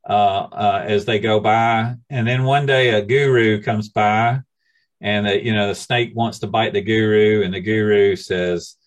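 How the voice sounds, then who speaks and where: A man's voice: fairly low pitch, steady tone, measured pace. A man leading a study group, teaching informally with a rambling, hesitant manner and many restarts.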